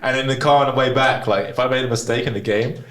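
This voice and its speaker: A man's voice: mid-range voice, steady tone, fast, fairly bright tone, slight background noise. A man hosting a candid personal conversation, talking openly and frankly and swearing casually. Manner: open and frank, swears freely. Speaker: podcast host.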